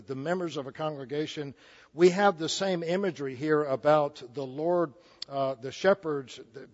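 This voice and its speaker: A preacher in his sixties gives a folksy, joking sermon, frequently restarting his sentences. His voice is a little high and the audio sounds dull.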